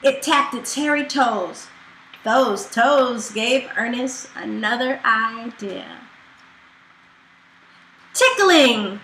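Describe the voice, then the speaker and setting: A woman reading a children's picture book aloud in a slow, expressive storytelling manner, in an echoey room. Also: a little high. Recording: echoey room with faint noise.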